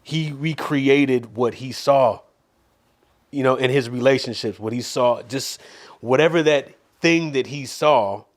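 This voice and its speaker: A man with a mid-range voice, chatting reflectively with friends on a comedy talk show. He thinks out loud, restarts his sentences and makes his points with everyday comparisons. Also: mid-range voice, a little slow. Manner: reflective, explains with homespun comparisons, many restarts. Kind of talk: casual green-room chat.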